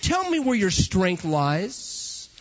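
A man's voice: sits high, wildly swooping pitch, slow pace, heavily acted. Delilah, coaxing, as a male preacher puts her on. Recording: dull lo-fi recording.

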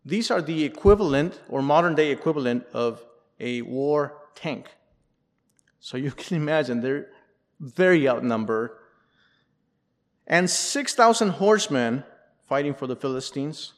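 A male pastor preaching a sermon, reading scripture aloud expressively and adding asides. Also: fairly high pitch. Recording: long reverb in a large hall.

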